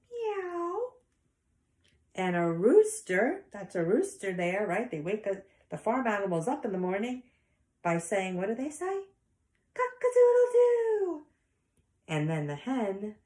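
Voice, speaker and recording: A woman's voice: on the low side, a little mellow, roomy sound. A woman teacher leading an online lesson for young children, in a sing-song voice that acts out animal sounds. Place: home.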